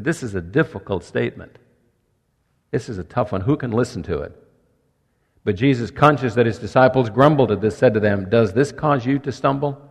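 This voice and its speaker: A male pastor delivers a sermon, reading scripture and unpacking it in an earnest, emphatic manner with deliberate pauses. His voice sits at an ordinary pitch for a man. A long reverb trails his words through the church hall.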